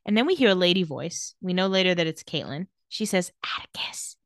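A woman's voice: fairly low pitch, lively intonation, no room sound, studio quality. Playful woman recapping a show. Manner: playful, quick to laugh, acts out quotes lightly. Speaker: podcast co-host recapping a TV episode. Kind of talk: casual chat, retelling scenes.

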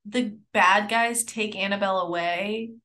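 A woman's voice: medium pitch, steady tone, a little slow, sharp tone. Giggly young woman co-hosting a chat. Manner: giggly, chatty, says "like" a lot. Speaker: podcast co-host. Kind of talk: casual chat.

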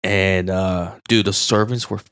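A man's voice: deep voice, fairly even intonation, measured pace, a bit bright, no room sound, studio quality. A young man from Southern California on a podcast, telling crude stories full of swearing and "bro". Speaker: podcast co-host. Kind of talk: casual podcast chat.

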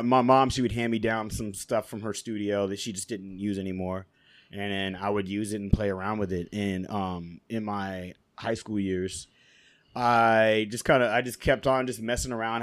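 A man's voice: lowish voice, level tone, moderate pace, fairly bright tone, no room sound. A man being interviewed on a casual podcast, telling long loose stories about his past with frequent laughs and plenty of "you know" and "like.". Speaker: podcast guest, DJ.

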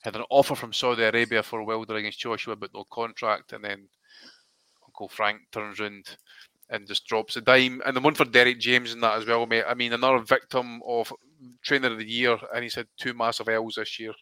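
A man co-hosting a boxing podcast with blunt, sweary banter. His voice is bright and forceful at a middle pitch, recorded dry and close. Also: little pitch movement, fairly quick, clean tone, no room sound. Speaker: podcast co-host.

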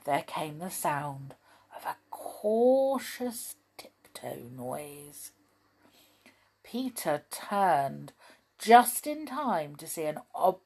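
A woman reading a children's story aloud, gentle and expressive, with chatty asides. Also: on the low side, slightly rough.

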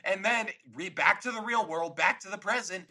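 A man's voice: high-pitched, normal speed, bright, forceful tone, rough recording. A man co-hosting a podcast, chatting casually about a movie and laughing easily. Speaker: podcast co-host.

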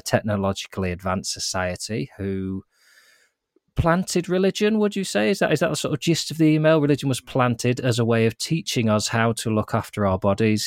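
Brief: lower-voiced male podcast co-host, jokey, dry close recording. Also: no echo. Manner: jokey, self-mocking, playful asides. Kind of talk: casual chat, reading listener messages.

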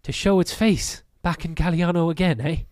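A man's voice: a little high, normal speed, darkish tone, no echo, studio quality, pitched above the performer's own voice, lightly acted. A man voicing a mocking hooded male stranger who needles and taunts a group of travelers. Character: sneering hooded male stranger with maroon skin.

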